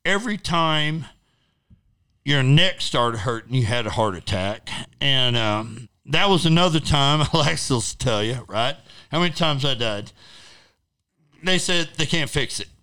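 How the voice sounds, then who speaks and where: A middle-aged man with a forceful, bright voice that comes through clean and resonant. He talks bluntly and swears freely. His story rambles along with plenty of fillers. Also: mid-range voice, animated, unhurried, clear, resonant tone. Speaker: interview guest. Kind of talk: casual storytelling.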